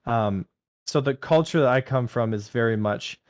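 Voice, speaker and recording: A man's voice: mid-range voice, normal speed, no room sound, studio quality. A man as a podcast guest in casual chat, blunt and frank, swearing casually and laughing as he tells stories.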